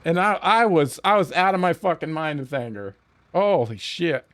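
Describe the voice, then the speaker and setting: A man streaming a game, telling a story in a profane, animated way and often laughing at it. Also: fairly high pitch, moderate pace. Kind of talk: casual storytelling while playing.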